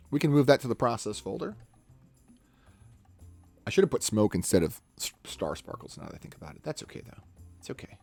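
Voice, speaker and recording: A man talking casually on a live stream as he edits photos, narrating each step aloud in a chatty way. His pitch swings widely as he goes, with faint music playing behind him. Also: a little mellow. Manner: chatty, talks himself through each step, quick laughs.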